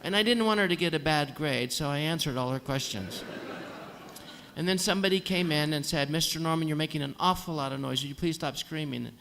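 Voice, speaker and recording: A man's voice: a little high, brisk, creaky, a bit bright, slight background noise. A man telling a dry, humorous story to a concert audience, acting out the voices of the nurses and doctors. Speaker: singer telling a story on stage. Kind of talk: comic storytelling at a live concert. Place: concert hall on stage.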